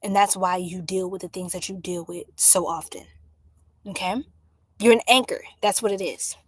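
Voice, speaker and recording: A woman giving a casual live-stream astrology reading, chatty and exclamatory, with drawn-out fillers. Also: fairly low pitch, fairly even intonation, slightly rough, no room sound. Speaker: astrology tarot reader. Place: home room by a window.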